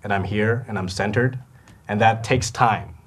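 A young adult man from Canada, an actor telling animated stories about his work and acting out the people in them. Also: fairly low pitch, normal speed. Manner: lively storyteller who acts out quoted voices and laughs often. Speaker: actor guest.

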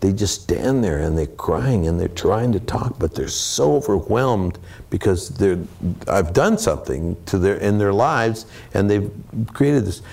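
Addressing students before a live audience, a man visiting as a guest actor talks openly and sincerely about his craft. His fairly low, creaky, slightly mellow voice moves unhurriedly with lively intonation, punctuated by laughter and quotes he performs.

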